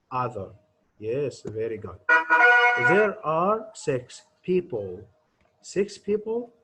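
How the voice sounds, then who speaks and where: A man teaching an English grammar lesson. He talks deliberately, asks his students questions and answers them himself. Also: mid-range voice, a bit bright, a little hiss or hum, poor audio.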